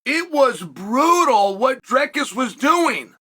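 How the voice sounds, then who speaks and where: Male host, solo commentary, forceful and repetitive for emphasis, bright tone. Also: very high-pitched, sing-song, takes it slowly. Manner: emphatic, builds points through repetition.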